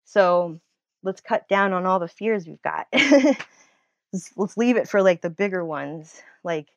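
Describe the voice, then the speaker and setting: A woman speaking as a guest in a casual interview, a nurse and writer who talks in an animated, rambling way with frequent laughter and restarts. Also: lowish voice, measured pace, dry recording, dull audio.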